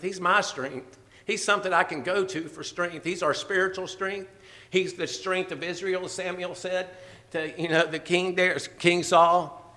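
A man preaching a fervent, emotional sermon, at times teary and laughing softly. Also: a little high.

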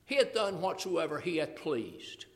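An older man delivers a sermon in a fairly high voice. He expounds scripture earnestly, with folksy asides between verses. His voice rings out with a long reverb, as in a hall. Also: big pitch swings, normal speed. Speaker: preacher.

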